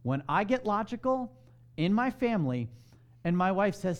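A man preaching a sermon, animated and emphatic, asking the congregation direct questions and dropping to a hush on key lines. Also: sits high, brisk. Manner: swings between loud emphasis and hushed softness. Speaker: pastor.

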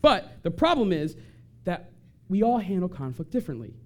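A man giving an animated talk to an audience and acting out short quoted voices. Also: high voice, normal speed. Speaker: speaker on family conflict.

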